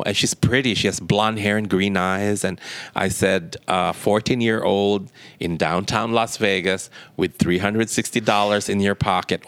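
A low-pitched man recounts a personal story as an interview guest, and he acts out both sides of each exchange. The sound is dry and close, with no room around it. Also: smooth, no room sound. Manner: lively retelling with quoted dialogue. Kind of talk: anecdotal storytelling.

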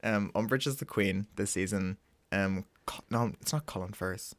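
A man's voice: lowish voice, moderate pace, no room sound. A young man co-hosting a podcast, rambling through gossip with frequent laughs. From Ireland. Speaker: podcast co-host. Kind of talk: casual chat.

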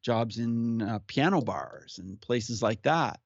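A man telling his life story as a guest in an interview, speaking earnestly and at an unhurried pace. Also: medium pitch, animated, no room sound. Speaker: podcast guest who hosts his own show. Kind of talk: personal storytelling in conversation. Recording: slightly muffled audio.

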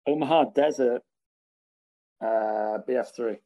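A man's voice: mid-range voice, takes it slowly, dark tone. A man joining a podcast as a guest over a video call on his phone, joking and self-deprecating. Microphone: phone held in one hand.

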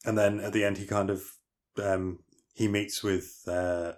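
Podcast co-host, male, very low voice, rambling and detailed scene recaps. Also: little pitch movement, unhurried. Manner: retells film scenes in detail with many fillers and restarts. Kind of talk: casual film discussion podcast.

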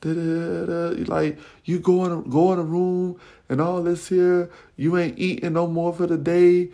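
A man's voice: high voice, level tone, unhurried, dark tone, voice pushed up. A man voicing a stern, scolding foster mother. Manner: scolding, bossy.

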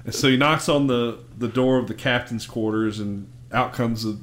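A man chatting casually as a podcast host, retelling a cartoon episode with animated storytelling. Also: medium pitch, normal speed. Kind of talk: casual chat.

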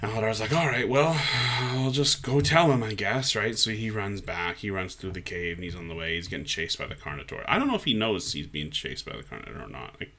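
Animated man retelling a film plot. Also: lowish voice, fairly quick, few pauses. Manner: animated storytelling, acts out characters' lines. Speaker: podcast co-host recapping a film. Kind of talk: casual chat.

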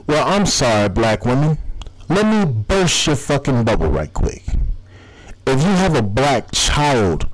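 An American man records a solo podcast episode as a furious, cursing rant. His voice sits at an ordinary middle pitch, and he hammers his points in a heated, confrontational way. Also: poor audio. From United States. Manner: heated, profane ranting. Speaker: podcast host.

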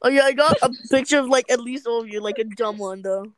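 A teenage girl with a high voice chats with her friends, rambling and teasing. She leans on filler words and trails off mid-thought. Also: fast, a crowd in the background, low-quality recording. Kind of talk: casual chat among friends.

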